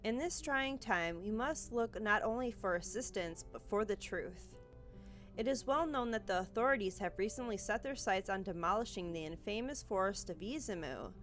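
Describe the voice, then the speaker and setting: Woman voicing a grave news anchor in a story game, measured and ominous, mid-pitched voice, soft game music underneath. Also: lively intonation, lightly acted.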